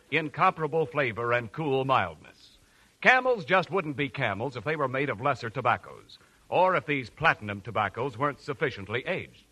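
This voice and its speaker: Man, 1940s radio announcer; bright, lively, husky edge, persuasive sales read. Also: mid-range voice. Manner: smooth, persuasive sales delivery.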